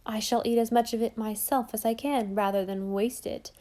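A woman voicing a brisk, devoted elderly housekeeper who talks bluntly with old-fashioned sayings. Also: fairly high pitch, fairly even intonation, warm tone, close to an everyday voice. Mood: emphatic.

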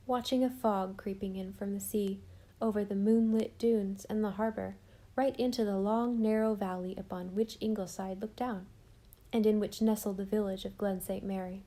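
A woman with a mid-range voice narrates an audiobook. Her scripted narration is calm and measured, in a storytelling manner.

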